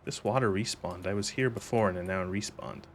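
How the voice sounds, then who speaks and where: A man's voice: fairly low pitch, brisk, a little hiss or hum. A man streaming a game and commenting casually, rambling, laughing often and swearing.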